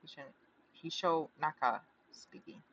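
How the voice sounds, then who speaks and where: A man's voice: fairly high pitch, a little slow, pushed and bright, dull audio, a little hiss or hum. A man reading a visual novel aloud, often stumbling and restarting, with chatty asides.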